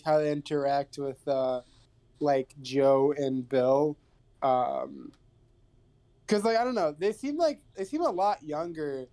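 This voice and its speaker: Mellow-voiced man, hesitant podcast co-host. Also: on the high side, smooth. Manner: hesitant, many fillers, agreeable. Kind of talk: casual film discussion.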